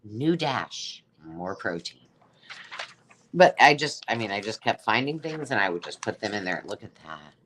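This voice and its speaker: A woman's voice: extremely low pitch, big pitch swings, moderate pace, a bit bright, slight background noise. A woman hosting a casual live sale of craft supplies, chatting in a rambling way and exclaiming over each item she pulls out. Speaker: host selling craft supplies.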